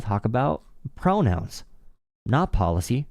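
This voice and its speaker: A man's voice: lowish voice, a little fast, dark tone, no echo, clean studio sound. A young man hosting a casual political call-in stream, sarcastic and mocking. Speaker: livestream talk show host.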